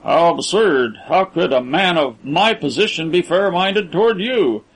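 A man voicing a cold, scornful wealthy captor who talks down to his prisoners in a cool, measured way. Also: on the high side, lively intonation, breathy edge, rough recording. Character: cold, scornful rich man holding captives.

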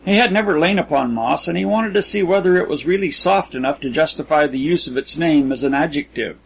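Husky-voiced man reading a story aloud. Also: on the high side, brisk, low-quality recording. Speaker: audiobook narrator. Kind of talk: scripted literary narration.

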